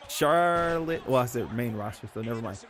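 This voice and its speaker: A young man hosts his own YouTube channel, rambling casually with lots of fillers and self-corrections. His mid-range voice has a fairly bright tone and lively intonation, at a normal speed.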